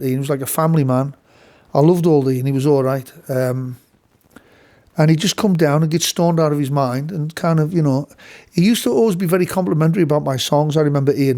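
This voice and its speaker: A man's voice: a little high, dark tone. A man, a session guitarist from England, telling a studio story casually with many restarts and some swearing.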